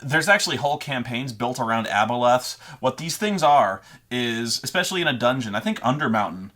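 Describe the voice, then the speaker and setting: A man's voice: medium pitch, expressive, fairly quick, bright, forceful tone. A man rambles through advice from behind the game master's screen, swearing freely and tripping over restarts. His talk is loose and unscripted. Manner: rambling, profane, with stammering restarts. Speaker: dungeon master giving gaming advice. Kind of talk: casual unscripted monologue.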